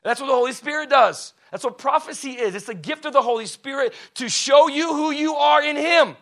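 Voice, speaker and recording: A male preacher giving a passionate, casual sermon that swings from quiet explanation to shouting. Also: extremely high pitch, brisk. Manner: casual, conversational phrasing.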